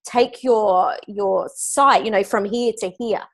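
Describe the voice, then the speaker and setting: An Australian woman in her forties, a business coach and guest, telling stories in an upbeat, animated way. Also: medium pitch, slow pace. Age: 40s. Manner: upbeat, animated storytelling with frequent laughs. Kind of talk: conversational interview.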